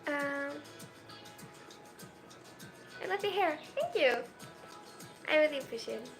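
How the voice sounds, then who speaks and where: A woman's voice: sits high, expressive, slow pace, soft background music. A 22-year-old woman from Germany, live-streaming at home and reading viewer comments aloud. She talks in a shy, self-conscious way, with hesitant restarts and nervous laughs.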